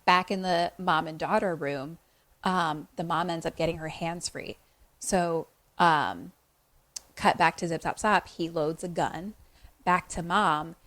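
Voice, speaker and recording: A young woman co-hosts a podcast and recaps a film scene by scene, with a fairly low voice. She is animated and profane, and she slips into the characters' lines. The sound is close and dry. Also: measured pace, no echo. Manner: animated, swearing, acts out movie lines. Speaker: podcast co-host. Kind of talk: casual movie recap chat.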